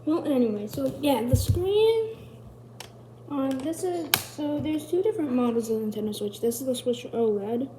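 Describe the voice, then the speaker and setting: A woman hosts a casual tech explainer video, rambling chattily and correcting herself as she goes. Her high-pitched voice has lively intonation at a normal speed, with background noise present.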